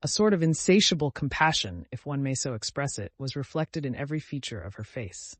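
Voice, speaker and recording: A man narrating a classic novel in a measured, literary storytelling manner. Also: medium pitch, lively intonation, no echo. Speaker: audiobook narrator. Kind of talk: scripted narration.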